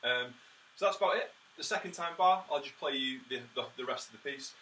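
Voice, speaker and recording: This brass teacher has a mid-range, bright, forceful voice and talks fairly quickly, captured by a somewhat distant mic with faint background noise. In his tutorial he explains practice tips practically and encouragingly, with plenty of "uh" and "um," counting beats and voicing rhythms as "ta" syllables.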